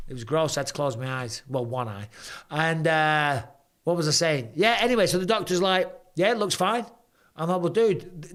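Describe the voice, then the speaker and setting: English male host, 40s, hoarse, animated and slangy, average pitch. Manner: chatty, animated storytelling with British slang. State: hoarse from throat trouble. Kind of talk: casual live-stream chat.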